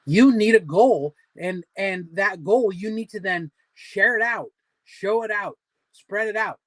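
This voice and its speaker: A man's voice: high-pitched, a little slow, no echo. A man in his forties hosting a casual livestream weight-loss support chat, rambling and full of fillers as he pep-talks his viewers. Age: 40s. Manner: rambling, filler-heavy, motivational.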